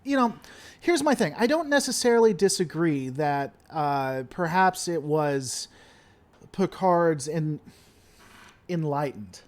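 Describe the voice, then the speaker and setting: This is a livestream host in casual chat, answering viewers from the comments. The delivery is playful and theatrical, full of repeated stalling phrases. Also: mid-range voice.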